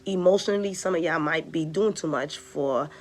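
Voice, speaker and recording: Low-voiced chatty woman reading tarot. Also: moderate pace, darkish tone. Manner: chatty, direct, talks straight to viewers. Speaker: tarot reader. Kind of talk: casual spiritual tarot reading to viewers.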